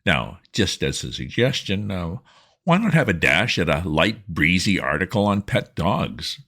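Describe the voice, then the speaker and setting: Hearty breezy young toff, male reader doing it, bouncy and lively. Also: low-pitched, a little slow, husky, exaggerated voice. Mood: jovial. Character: jovial exuberant young gentleman editor.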